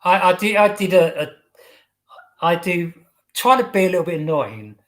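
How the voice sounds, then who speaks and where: An English man hosting a casual chat, telling stories in a halting, chatty way with many false starts. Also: sits high, lively intonation, fairly bright tone. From England.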